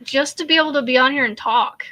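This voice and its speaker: A woman chats casually while crocheting, rambling and hesitant, trailing off into fillers and sighs. Her voice sits a little high and comes across bright and forward. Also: fast. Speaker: crochet channel host.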